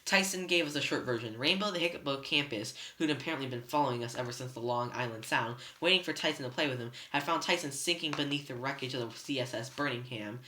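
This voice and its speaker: A reader narrating a novel chapter aloud in first person, steady but with slips and restarts. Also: medium pitch, quick pace, few pauses, slight background noise. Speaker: student reader. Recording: roomy echo.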